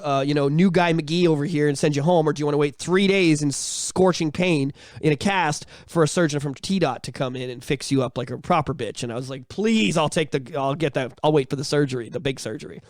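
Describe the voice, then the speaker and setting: A man, co-hosting a podcast and telling crude, animated stories. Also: on the high side, fast, hardly any pauses, no room sound, studio quality. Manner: animated, profane, breaks into shouted bits. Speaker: podcast co-host. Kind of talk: crude casual storytelling.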